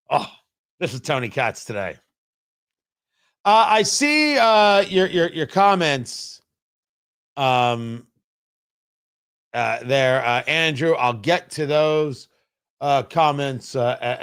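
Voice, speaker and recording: Animated, heated talk-show host man. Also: fairly high pitch, slow, pauses often. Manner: sarcastic, heated rhetorical questions. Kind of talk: political commentary livestream.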